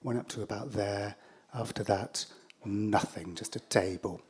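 An English man recounts a story in front of a live audience, dry and self-deprecating. His delivery is halting, sprinkled with ums and restarts, sitting at an ordinary middle pitch for a man. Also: steady tone, a crowd in the background.

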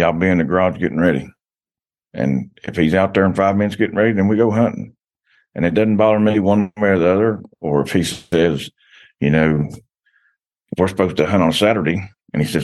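A man's voice: low-pitched, a little fast, long pauses, darkish tone. A man, a guest on a casual podcast, telling stories in a rambling way with frequent restarts.

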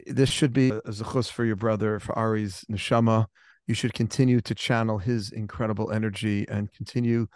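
A man's voice: fairly low pitch, darkish tone, no room sound, clean studio sound. A man, a rabbi hosting a podcast, responding earnestly and appreciatively to his guest. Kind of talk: interview conversation.

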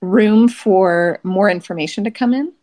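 A woman's voice: mid-range voice, unhurried, mellow. A woman podcast co-host in casual chat, speaking reflectively and admiringly.

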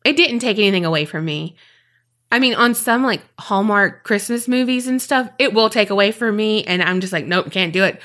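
A woman's voice: mid-range voice, moderate pace, a bit bright. A woman with a Southern US accent, co-hosting a podcast with rambling, chatty talk and then telling a story. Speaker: podcast co-host. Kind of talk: casual chat and storytelling.

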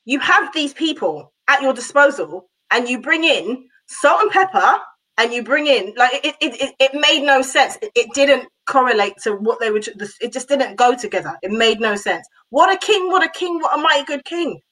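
Animated woman, higher voice. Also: poor audio. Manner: animated, exclaiming, fast restarts. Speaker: podcast co-host. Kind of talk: casual group chat.

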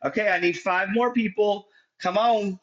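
High-voiced energetic livestream host. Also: male voice, normal speed, lo-fi sound. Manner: energetic, rallying viewers to share. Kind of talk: livestream interview.

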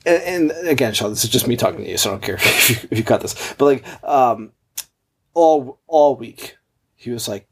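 A man's voice: mid-range voice, lively intonation, moderate pace, husky. Profane, rambling man telling a story. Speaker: podcast co-host. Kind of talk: casual chat.

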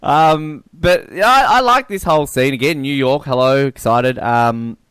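Excitable male podcast co-host. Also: mid-range voice, measured pace, a little hiss or hum. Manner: enthusiastic, laughs a lot, many fillers. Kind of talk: casual film discussion.

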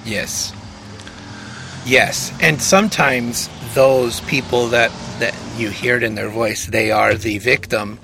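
A man co-hosting a podcast in casual chat, joking and animated, poking fun at himself as he sets up a call. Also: medium pitch, slow, gravelly, background noise. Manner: joking, animated, self-mocking. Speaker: podcast co-host introducing calls.

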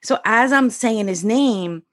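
High-strung, sassy woman telling a story. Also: expressive, takes it slowly, dry recording, clean studio sound. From US East Coast. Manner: acts out quoted lines with big jumps in pitch. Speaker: podcast guest. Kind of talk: personal storytelling.

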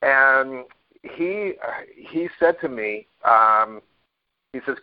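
A man's voice: medium pitch, lively intonation, takes it slowly, smooth. A man being interviewed as a guest, telling stories casually with many fillers and restarts. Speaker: guest, network marketer. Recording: dull lo-fi audio.

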